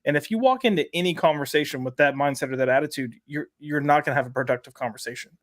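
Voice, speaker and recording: A man talking as a guest in a casual chat, earnest and halting, often repeating words. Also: a little high.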